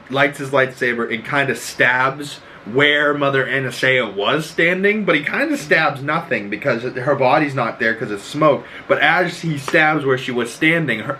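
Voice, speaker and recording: A man hosting a podcast, recapping a show in excitable casual chat, swearing freely and acting out the scenes. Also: medium pitch, slight background noise, poor audio. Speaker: podcast host.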